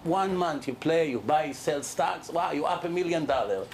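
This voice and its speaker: A middle-aged rabbi giving a lively Torah lecture to a live audience, speaking emphatically and throwing questions at the listeners. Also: male voice, a little high, normal speed, a little hiss or hum.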